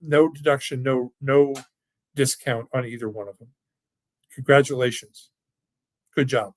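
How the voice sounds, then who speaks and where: This dry recording captures a man with a medium-pitched, fairly even voice that runs a little slow. He owns a financial firm and is hosting an informal webinar with live Q&A, an online workshop from home or an office, where he rambles in an enthusiastic, folksy style.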